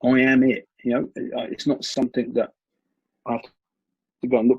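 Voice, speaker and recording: A man with a deeply husky, gravelly voice and a mellow, warm tone tells stories as a guest in an interview. He gets animated and often restarts mid-sentence. The recording is dry and dull, like lo-fi audio. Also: moderate pace, no room sound. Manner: animated storyteller with frequent restarts. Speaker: martial arts coach, guest. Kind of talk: conversational interview storytelling.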